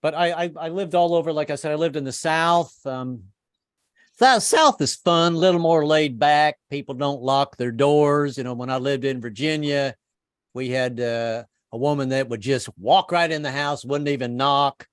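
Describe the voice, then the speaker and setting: A man of seventy performing a stand-up comedy set over a video call, self-deprecating and halting, with many restarts. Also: on the high side, clear, resonant tone, no echo, studio quality. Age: 70s. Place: home setup on a video call. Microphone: computer mic on a video call.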